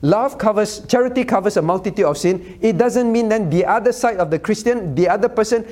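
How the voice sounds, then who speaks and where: A male pastor preaching a sermon, originally a Cantonese speaker, talking in a teasing, animated way and often checking in with his listeners. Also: sits high, a little fast. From Cantonese-speaking Chinese community. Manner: animated, teasing asides with frequent "all right?" check-ins.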